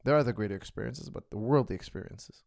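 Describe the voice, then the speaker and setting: Earnest gravelly-voiced man coaching viewers. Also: medium pitch, fast talker, darkish tone, no room sound, studio quality. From the West. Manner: earnest, philosophical, addresses viewers as guys. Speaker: martial arts coach answering viewer questions. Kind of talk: casual Q&A monologue.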